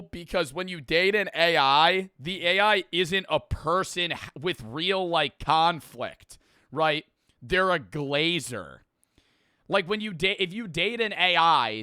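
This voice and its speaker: A man's voice: fairly high pitch, pushed and bright, clear, resonant tone, dry recording, clean studio sound. A young man streaming, giving casual, profane reaction commentary full of slang and laughing asides.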